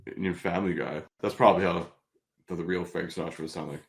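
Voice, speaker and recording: Gravelly low-voiced man, dry replies. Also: fairly even intonation, fast. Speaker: podcast co-host. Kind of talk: casual chat.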